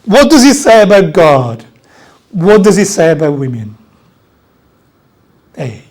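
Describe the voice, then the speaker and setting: An Australian preacher delivers an Easter sermon in a church, taking each phrase slowly and deliberately. The talk is conversational, with key lines repeated for emphasis and easy back-and-forth with the congregation. The pitch sits in a middle range.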